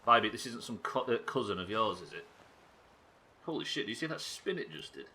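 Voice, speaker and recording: A man's voice: on the low side, big pitch swings, fairly quick, bright, forceful tone, a little hiss or hum. A man giving live gameplay commentary, swearing and joking with his chat. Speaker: streamer.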